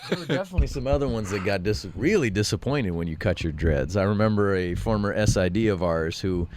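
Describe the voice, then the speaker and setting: A man's voice: fairly low pitch, animated, quick pace, darkish tone. A man co-hosting a radio show, telling rambling anecdotes in casual chat and acting out other people's lines. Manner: rambling anecdotes with acted-out quotes, throat clearing. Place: radio studio.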